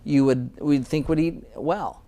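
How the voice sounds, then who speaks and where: A man's voice: a little high, fairly even intonation, a little slow, mellow. A dentist in conversation, speaking earnestly and often repeating words as he starts a thought. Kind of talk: conversational interview.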